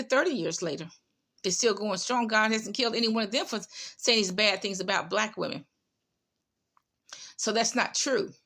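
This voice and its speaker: A woman's voice: fairly high pitch, pushed and bright. A woman giving casual commentary on online prophets, sarcastic and scolding, often repeating herself and tagging lines with "okay?".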